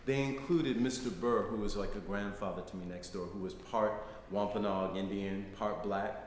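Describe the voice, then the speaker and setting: Middle-aged male lecturer, conversational storyteller, lower voice, recorded in a reverberant hall. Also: fairly even intonation, moderate pace. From United States. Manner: conversational, frequent "right?" tags. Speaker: guest lecturer. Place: lecture hall, live audience. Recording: echoey hall, faint noise.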